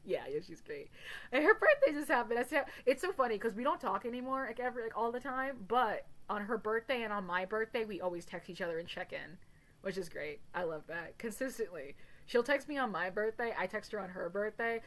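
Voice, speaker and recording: A woman's voice: mid-range voice, expressive, fairly quick, a bit bright, poor audio. Rambling, swearing young woman storyteller. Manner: rambling storyteller, swears freely, laughs a lot. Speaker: podcast host. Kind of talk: casual chat.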